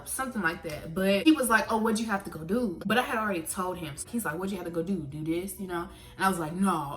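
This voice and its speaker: A young woman telling a casual storytime to her camera. She talks in a lively, animated way, quick to curse and swinging from laughter to outrage. Faint music sits under her voice. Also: mid-range voice. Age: young adult. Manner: animated, swears freely, jumps from laughs to outrage. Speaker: vlogger.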